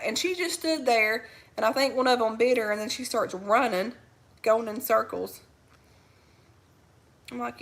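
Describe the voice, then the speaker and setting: Woman cooing baby talk, higher voice. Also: unhurried, pauses often, a bit bright. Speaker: livestreamer. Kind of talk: casual live chat.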